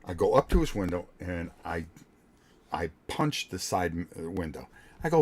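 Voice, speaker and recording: An older man hosting a vlog, telling a blunt, profane story in a casual, animated way with many restarts. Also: deep voice, moderate pace. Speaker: vlog host.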